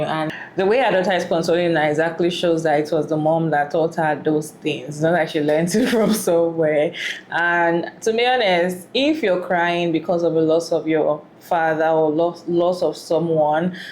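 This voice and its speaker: A woman with a low voice gives casual reaction commentary. She is earnest and circles back to repeat her points. Faint noise hums behind her. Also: fairly even intonation, measured pace, a little mellow. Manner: earnest and repetitive. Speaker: reaction video creator.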